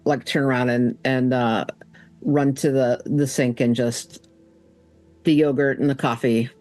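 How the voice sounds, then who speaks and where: A man's voice: medium pitch, fairly even intonation, unhurried, a little mellow. Hesitant man player, faint music behind. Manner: hesitant, many fillers, describing panic. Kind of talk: casual tabletop role-play.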